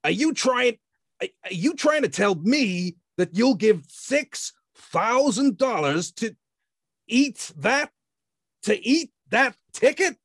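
Man voicing a sneering tough guy: nasal, high, snarls and threatens. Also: sing-song, normal speed, gravelly, hardly any pauses, husky, no room sound, clean studio sound, exaggerated voice. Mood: threatening.

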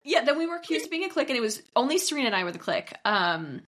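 A young woman co-hosting a casual podcast, quick and expressive, laughing often. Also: high voice. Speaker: podcast co-host. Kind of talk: casual chat.

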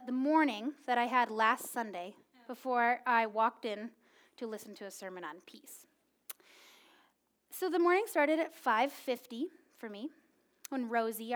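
A woman in her thirties preaching a sermon, telling a personal story in a casual, animated way with many filler words. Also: on the high side. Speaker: pastor.

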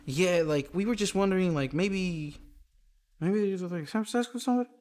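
A man voicing an eager, fumbling male TV writer pitching an idea, hesitant and clearing his throat. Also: normal speed, a little mellow, close to an everyday voice.

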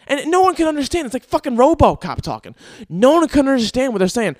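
A man's voice: very high-pitched, big pitch swings, fast, no room sound, clean studio sound. A young man hosting his own podcast, telling stories in an exasperated, profane, ranting way with sighs and laughs between bits. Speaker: podcast host. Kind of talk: casual comedic monologue.

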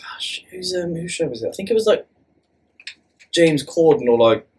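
A man's voice: fairly high pitch, lively intonation, normal speed, darkish tone. A man co-hosting a podcast, rambling through jokey anecdotes and questions. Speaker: podcast co-host. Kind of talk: casual chat.

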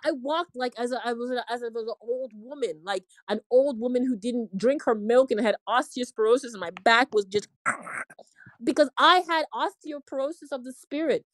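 A woman's voice: high-pitched, dry recording. A woman in her forties giving an earnest, emotional faith testimony, now and then acting out the voices of people she quotes. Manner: earnest and preachy, quoting others in acted voices. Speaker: inspirational speaker.

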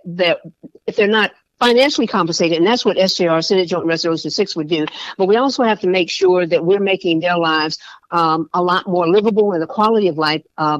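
Passionate woman senator on a podcast. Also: on the low side. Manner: passionate, emphatic storytelling with repeated phrases and acted-out quotes. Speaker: state senator and military veteran, podcast guest. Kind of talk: podcast interview. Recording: dull dry lo-fi recording.

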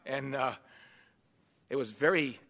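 A man in his fifties preaching a sermon, swinging from quiet asides to loud, emphatic passages. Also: mid-range voice, takes it slowly, creaky. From United States. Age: 50s. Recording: long hall reverb.

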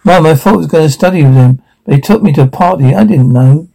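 A man's voice: fairly high pitch, fast, gravelly, dark tone, poor audio. A man voicing a nervous teenage son who sounds shaken and defensive.

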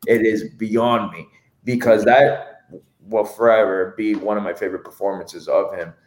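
A man co-hosting a podcast, reviewing a film in a casual chat, telling animated stories and swearing freely. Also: on the low side, moderate pace, roomy sound, slight background noise. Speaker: podcast co-host.

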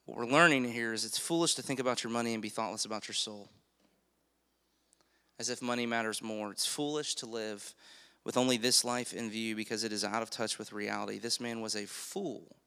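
A man preaching a sermon as pastor, emphatic, slowing down on key phrases and asking the congregation questions. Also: fairly low pitch, fairly even intonation, gravelly, bright, forceful tone, clean tone, big-room sound.

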